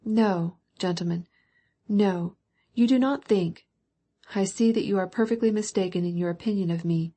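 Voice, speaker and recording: A woman's voice: mid-range voice, moderate pace, warm tone, natural voice. A woman reading the part of a proud young male count who pleads with emotion. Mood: pleading.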